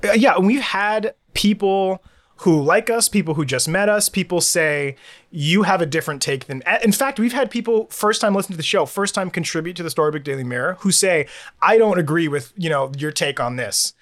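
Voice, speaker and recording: Podcast co-host, male, fairly high voice, sarcastic and animated. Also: a little fast. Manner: sarcastic, animated ranting with laughs. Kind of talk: casual chat.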